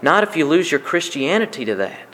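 A man with a notably high voice delivers a sermon. He drives points home by repeating them in earnest preaching cadence. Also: very animated, a little fast, a bit bright, a little hiss or hum. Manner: preaching with emphatic repetition. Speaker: pastor.

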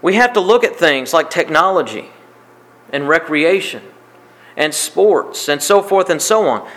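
A man's voice: fairly high pitch, lively intonation, a little slow, a bit bright. A man preaching a sermon, repeating key lines for emphasis. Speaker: pastor.

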